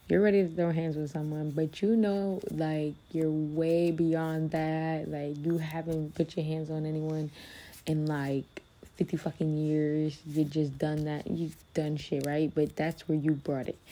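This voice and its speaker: Low-voiced woman hosting a candid podcast. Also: dark tone. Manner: candid and profane, addresses listeners as loves. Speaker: podcast host. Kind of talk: casual motivational monologue.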